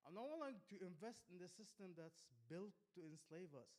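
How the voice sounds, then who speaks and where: Profane high-voiced comic ranting defiantly. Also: male voice, lively intonation, fairly quick. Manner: profane, defiant, loud bursts then muttering. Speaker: stand-up comedian. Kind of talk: rambling open-mic stand-up rant. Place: small comedy club.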